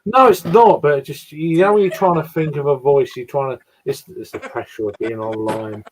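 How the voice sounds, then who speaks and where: British guy chatting on a stream, kinda high voice, stammers and swears, self-deprecating. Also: moderate pace, slight background noise. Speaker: guest on a livestream. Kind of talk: casual banter.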